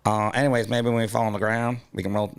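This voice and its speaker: A man's voice: lowish voice, level tone, fast talker, gravelly, noisy background. A man voicing a friendly, chatty male peach with a Georgia accent. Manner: folksy, drawling, friendly.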